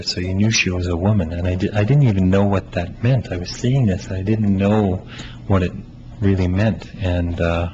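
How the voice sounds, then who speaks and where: A playwright from Canada, a man answering interview questions in a thoughtful, halting way, with frequent laughs. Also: deep voice. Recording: slightly muffled with faint hiss.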